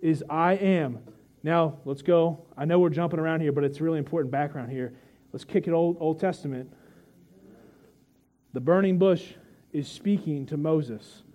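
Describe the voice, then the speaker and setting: A man's voice: on the high side, warm tone. A man preaching a sermon to his congregation, talking in a conversational, joking way and retelling scripture with vivid storytelling. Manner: vivid storytelling, dramatic pauses. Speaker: pastor.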